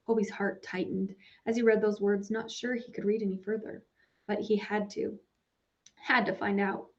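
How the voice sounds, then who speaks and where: A woman narrates a story in a measured, storytelling manner. Her voice is mid-pitched. The recording is a little dull and lo-fi. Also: little pitch movement. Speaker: audiobook narrator. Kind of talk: scripted narration.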